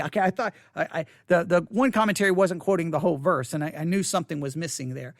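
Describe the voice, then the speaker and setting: A man's voice: high-pitched, expressive, moderate pace, sharp tone, no echo, clean studio sound. A man giving a devotional Bible teaching for a podcast, thinking aloud with restarts and stammers while seated at a desk.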